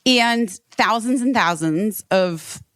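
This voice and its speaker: A woman's voice: mid-range voice, slow pace, fairly bright tone, dry recording, studio quality. A woman hosting a podcast in casual chat, rambling with lots of fillers and frequent swearing. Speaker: podcast host.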